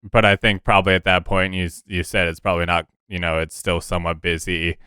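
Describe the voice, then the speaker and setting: A man plays a tabletop game and narrates his character, stopping and restarting as he goes. His voice is low and clear. The sound is close and dry. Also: little pitch movement, bright, forceful tone, no echo. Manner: halting, many restarts and fillers. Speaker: player.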